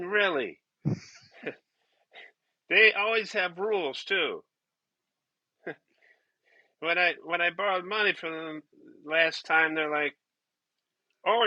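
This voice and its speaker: A man playing an awkward amateur stand-up comedian who chuckles at his own weak jokes and clears his throat nervously. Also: high voice, sharp tone, dry recording, muffled recording, full character voice. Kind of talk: comedy sketch stand-up bit.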